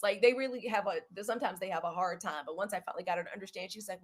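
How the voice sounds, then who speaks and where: Young woman, livestream host, chatty and animated, mid pitch. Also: rapid-fire. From Southern US (Mississippi). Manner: chatty and animated, says y'all, quotes others in lively put-on voices. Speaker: host of a live video. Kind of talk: casual livestream monologue.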